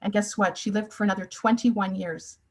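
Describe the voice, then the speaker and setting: A woman's voice: mid-range voice, fairly even intonation, brisk, rough recording. A woman in her sixties gives a personal testimony talk, telling her family's story with earnest, emotional emphasis. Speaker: speaker.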